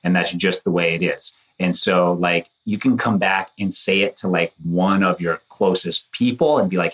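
A man in his thirties, co-hosting a casual chat and acting out quotes with animated shifts in voice. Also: deep voice, moderate pace, hardly any pauses, muffled recording. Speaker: podcast co-host, former contestant.

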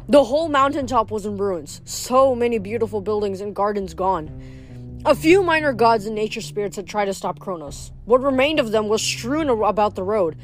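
A woman reading a novel aloud in steady narration, now and then stumbling over a word. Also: mid-range voice. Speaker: reader.

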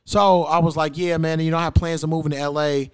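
Loud, profane young man telling a story. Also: on the high side, quick pace, clean tone. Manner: profane, animated, acts out quotes loudly. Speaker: podcast host. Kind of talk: casual storytelling chat.

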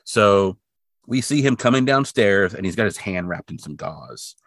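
A man co-hosting a podcast recaps an episode in loose, rambling conversation, briefly doing voices for the characters. His lowish, fairly bright voice is expressive and normally paced, captured in a dry, studio-quality recording.

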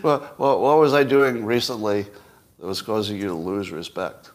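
A man's voice: on the low side, lively intonation, moderate pace. A man in his sixties hosting a solo commentary show, rambling and self-mocking with frequent chuckles. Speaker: podcast host.

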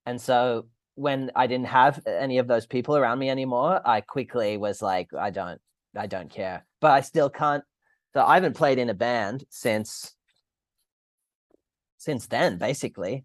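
A man's voice: medium pitch, no echo, studio quality. A man with an Australian accent, a podcast guest chatting casually over a call, rambling and swearing as he restarts his sentences.

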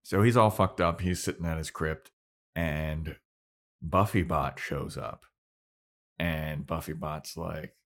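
Brief: deep-voiced male podcast co-host, loose and profane, breaks into quick impressions while recapping. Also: steady tone, fairly bright tone. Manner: swearing, acts out characters' lines in loose voices. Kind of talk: casual recap chat.

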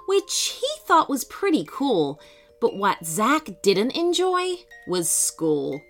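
A woman host narrating a children's story in an expressive, animated way. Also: medium pitch.

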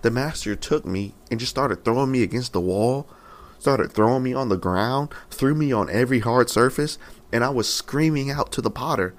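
A man's voice: mid-range voice, moderate pace, close to an everyday voice. A young man in his twenties voicing a talking clay cup that pleads with its maker, asking the same anguished questions over and over. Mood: pleading. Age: 20s.

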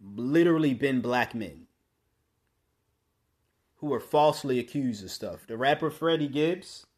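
A man hosting his own podcast, speaking in a blunt, opinionated monologue that often restarts mid-sentence and rises into forceful bursts. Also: mid-range voice, expressive, unhurried. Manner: conversational with frequent restarts. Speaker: podcast host.

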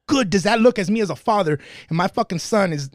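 A fired-up man talks through a story in casual podcast chat, cursing freely. His voice sits a little high for a man. The dry, close mic keeps the room quiet. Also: expressive, fast talker, no room sound. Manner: passionate, swearing, tells stories. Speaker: podcast guest.

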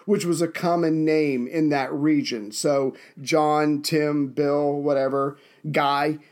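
A man co-hosts a laid-back history podcast. His voice sits fairly high, and he talks in quick banter. He fires short asides back at his partner. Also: fairly even intonation. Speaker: podcast co-host. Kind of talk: casual history podcast chat.

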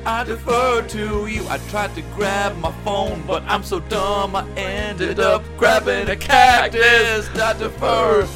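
A man putting on a high, slow, whiny voice to mock a dim-witted man. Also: fairly even intonation, over music. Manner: high, slow, mocking whine.

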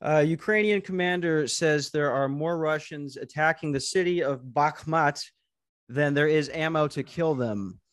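A man from Arizona hosting a podcast over an online call, cracking deadpan, crude jokes in casual banter. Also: on the high side, unhurried. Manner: joking, deadpan crude humor. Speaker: podcast host.

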